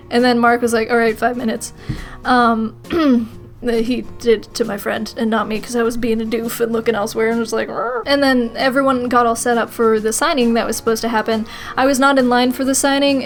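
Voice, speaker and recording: A young woman telling a rambling, excitable story as a vlog voice-over, often breaking into giggles. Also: a little high. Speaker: vlogger.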